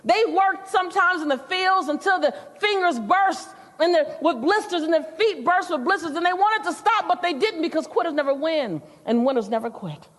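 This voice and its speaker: A woman voicing a firm but tender older grandmother, speaking slowly and emphatically. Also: very high-pitched, lively intonation, fairly bright tone, pitched above the performer's own voice. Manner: calls the listener "baby" and "honey", slow and emphatic. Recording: long reverb of a large hall.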